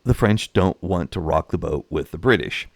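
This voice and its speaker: A man giving casual, animated history commentary, acting out nations in voices and chuckling. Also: deep voice, normal speed, creaky, dry recording. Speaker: history and strategy game commentator.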